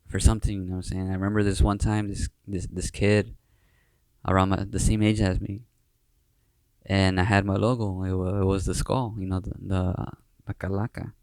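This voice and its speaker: A man's voice: sits low, little pitch movement, moderate pace, darkish tone, no echo. A young man from Southern California hosting a podcast, chatting casually and rambling with lots of slang, fillers and restarts. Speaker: podcast host. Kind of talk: casual chat.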